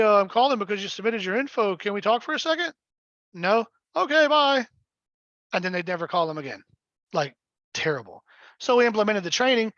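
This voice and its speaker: High-pitched man running a webinar for sales agents, blunt and emphatic; dull, dry lo-fi call audio. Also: fairly bright tone, no room sound. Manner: blunt and emphatic, often checks in with "right?". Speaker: real estate sales trainer. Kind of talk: live webinar coaching.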